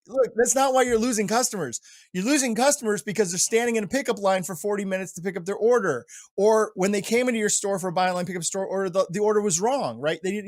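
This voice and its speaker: A high-voiced man argues his points on a panel, punchy and animated, tagging sentences with "right?" and "like". The sound is very dry and close, with no room around him. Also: no echo. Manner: emphatic and animated, peppered with "right?" and "like". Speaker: retail industry analyst. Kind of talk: panel discussion.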